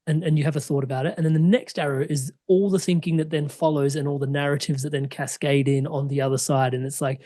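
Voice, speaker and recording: A man hosts a podcast and talks in a reflective, hesitant way, full of small fillers. His voice is mellow and a bit husky. The recording is dry and close. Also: on the high side, no echo. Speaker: podcast host. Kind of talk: interview and audience call-out.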